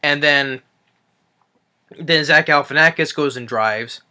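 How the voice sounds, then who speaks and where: A man's voice: a little high, a little slow, pushed and bright, clear, resonant tone. A man recapping a movie in a casual review, rambling with frequent restarts and swearing.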